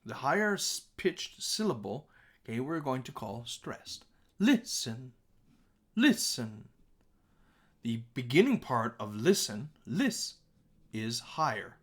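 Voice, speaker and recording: Animated man teaching a lesson. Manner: frequent checking "okay?", repeats words to demonstrate pitch; animated, sing-song emphasis. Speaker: music teacher. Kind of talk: recorded classroom lesson.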